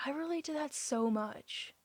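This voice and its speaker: A young woman streaming live, chatting casually with viewers and reading their messages, emotional and quick to say she will cry. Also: high-pitched, no room sound, soft background music.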